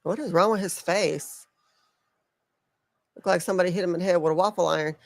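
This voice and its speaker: A woman's voice: fairly low pitch, creaky, no echo. A woman co-hosting a live wrestling watch-along, teasing and laughing in casual chat. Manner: slow, teasing, laughs often. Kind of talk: casual live-stream commentary.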